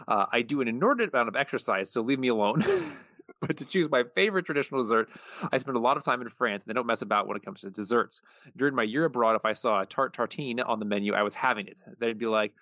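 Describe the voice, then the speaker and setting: A male podcast co-host in casual chat, reading listener answers aloud with a chuckling, quick delivery, on slightly muffled audio. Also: mid-range voice, sharp tone, dry recording.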